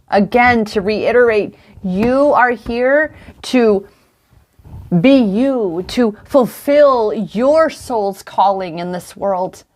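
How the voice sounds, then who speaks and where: A woman in her forties, an intuitive coach, giving a heartfelt, affirming card reading on a livestream. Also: on the high side. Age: 40s. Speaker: intuitive coach and tarot reader. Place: indoors in front of a camera.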